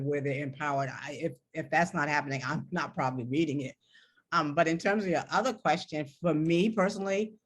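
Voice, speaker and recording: A woman's voice: deep voice, a bit bright. A woman novelist speaking on a panel discussion over a video call, direct and emphatic.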